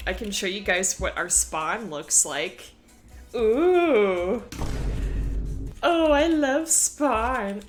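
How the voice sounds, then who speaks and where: A woman's voice: medium pitch, a bit bright. A woman chatting casually with viewers on a live stream, playful and giggly.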